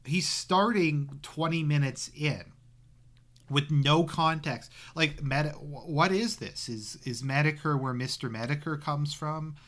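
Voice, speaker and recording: A man's voice: fairly high pitch, measured pace, a bit bright. A man giving crude, sarcastic reaction commentary over a stream, rambling with fillers. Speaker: commentary YouTuber.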